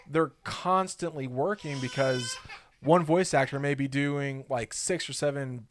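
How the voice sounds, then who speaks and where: A podcast co-host chatting casually and explaining in a relaxed way. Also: mid-range voice, unhurried, a little hiss or hum. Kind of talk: casual chat.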